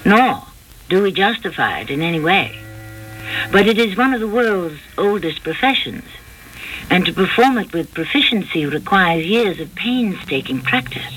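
A man narrating a crime story in a measured, wry storytelling voice. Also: high-pitched, animated, sharp tone, slight background noise, low-quality recording. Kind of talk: scripted dramatic narration.

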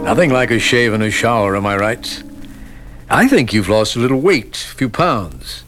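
An actor playing a chatty prison guard who talks in a casual, offhand way. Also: male voice, medium pitch, expressive, normal speed, fairly bright tone, faint music behind, natural voice. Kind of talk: radio drama acting.

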